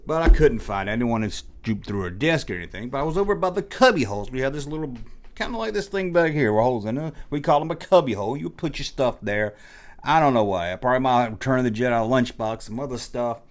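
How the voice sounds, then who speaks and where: A man's voice: medium pitch, lively intonation, quick pace. A middle-aged man telling a rambling, self-mocking confessional story in a casual vlog, as the host of his channel. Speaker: toy collecting vlogger.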